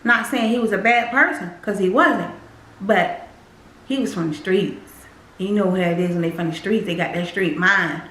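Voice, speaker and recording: A woman's voice: mid-range voice, normal speed, fairly bright tone, roomy sound, rough recording. A woman casually sharing a personal faith testimony, speaking straight to her viewers and repeating phrases for emphasis. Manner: speaks directly to viewers as "y'all".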